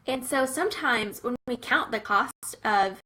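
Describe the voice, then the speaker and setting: Woman, young adult, bright tone, slightly high voice, earnest casual faith-and-business talk, conversational fillers. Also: expressive, unhurried, poor audio. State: briefly teary-eyed. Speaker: Christian business coach.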